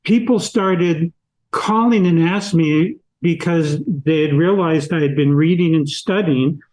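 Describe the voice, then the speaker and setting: An older man, a podcast guest and author, telling anecdotes slowly and deliberately in an interview. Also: on the high side, darkish tone, low-quality recording. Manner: slow, deliberate anecdotal storyteller. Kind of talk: storytelling in an interview.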